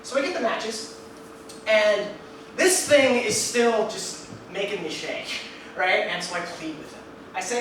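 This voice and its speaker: A young man performing a one-man stage story, animated and acting out each scene. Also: sits high, a little slow. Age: young adult. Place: theater stage before an audience. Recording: echoey live theater, distant mic, noisy.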